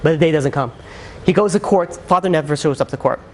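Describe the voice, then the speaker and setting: A man, a rabbi, telling a dramatic story in a sermon, with lively, conversational storytelling that swings into character voices. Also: fast, slight background noise. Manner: animated storyteller, acts out characters with shifts in pitch; conversational, many fillers.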